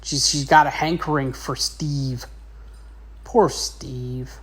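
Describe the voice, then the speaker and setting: A woman's voice: a bass voice, fairly even intonation, slow pace, breathy edge. A woman teacher narrating a casual drawing lesson in a chatty, rambling way. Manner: chatty, rambling, with many fillers.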